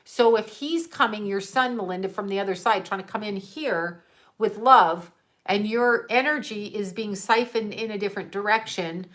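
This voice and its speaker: In a medium-pitched, somewhat bright voice, a middle-aged woman working as a psychic medium talks casually with her livestream viewers. Her manner is candid, with lots of laughter and profanity.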